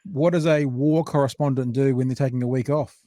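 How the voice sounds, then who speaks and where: A man's voice: medium pitch, fairly even intonation, a little fast, warm tone. A man hosting an interview, asking chatty, curious questions. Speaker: radio host. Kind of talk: casual interview.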